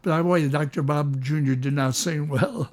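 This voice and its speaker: An older man with a fairly high voice talks through hymn harmony in a relaxed, enthusiastic way. He slows down to stress a point and hums snatches of melody. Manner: enthusiastic, sings melody fragments, slows for emphasis. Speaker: host, music teacher. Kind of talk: casual teaching chat.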